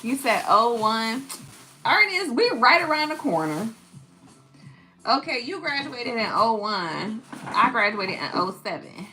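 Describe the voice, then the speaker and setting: At home and tidying up, a woman in her thirties chats casually on a livestream, reading viewer comments and laughing often. Her slightly high voice is sing-song, unhurried and sharp, with faint music behind and poor audio quality.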